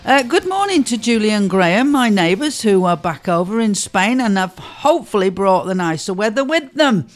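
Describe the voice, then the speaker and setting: A man's voice: high-pitched, very animated, moderate pace, few pauses. A man with a Northern English accent, presenting a radio show in a cheerful, chatty way, with asides to listeners. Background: faint music.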